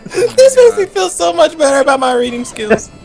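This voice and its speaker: Self-mocking man, swinging pitch. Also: very animated, moderate pace, vocal fry, a little mellow, faint music behind. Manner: self-mocking, swears and laughs when he slips. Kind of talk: casual group chat on a livestream.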